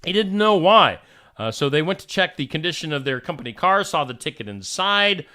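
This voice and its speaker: A man's voice: on the high side, very animated, a little fast, sharp tone. A male host reading odd news stories aloud and adding wry asides between them.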